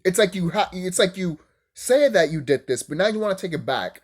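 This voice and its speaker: Animated, profane man ranting about cartoons. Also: high-pitched, fairly quick, husky. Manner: animated, profane, laughs often; rambling, restarts mid-thought. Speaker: cartoon reviewer. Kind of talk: casual opinion rant.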